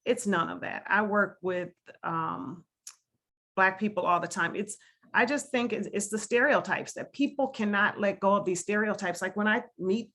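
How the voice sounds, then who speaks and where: A woman's voice: medium pitch, moderate pace, fairly bright tone. Earnest milwaukee woman on a video call, keeps hammering her point home. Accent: Milwaukee, Wisconsin. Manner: earnest and emphatic, leaning on repeated phrases. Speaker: guest speaker. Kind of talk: casual talk to a video call discussion.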